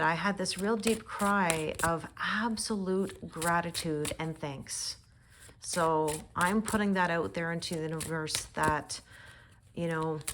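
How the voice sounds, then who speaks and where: A woman giving a casual, reflective tarot forecast, soft-spoken and laughing often. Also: lowish voice, noisy background. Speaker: tarot reader.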